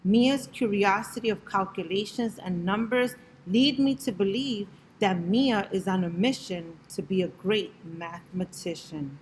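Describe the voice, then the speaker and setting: A woman reading aloud as a calm, thoughtful male teacher, speaking in a measured way. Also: on the high side, a little hiss or hum, poor audio.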